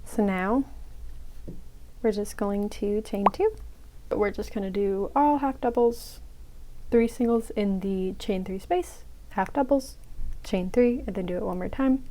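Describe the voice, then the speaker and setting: A woman's voice: mid-range voice, a little slow, long pauses, dark tone, a little hiss or hum, rough recording. A young woman casually explaining a crochet pattern step by step, with chatty, self-mocking asides. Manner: chatty, self-mocking asides, drops to a whisper when muttering to herself. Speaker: crochet tutorial host.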